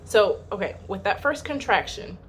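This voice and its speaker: A woman's voice: mid-range voice, expressive, normal speed, slight background noise. A young woman vlogger casually retelling a personal story to camera, chatty and emphatic, with frequent filler words. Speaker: channel host.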